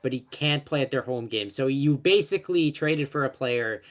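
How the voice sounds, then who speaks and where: A young man in a loose sports podcast chat, voice sitting at an ordinary middle pitch. He rambles along, trips over player names and backtracks to fix himself. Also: normal speed. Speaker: co-host.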